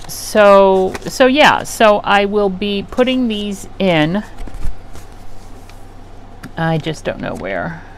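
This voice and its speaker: A woman's voice: medium pitch, big pitch swings, very slow, pauses often. A middle-aged woman hosting a craft channel, chatting casually and rambling as she works at home, often trailing off mid-sentence. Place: home craft room with an air conditioner running. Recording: faint air conditioner hum behind.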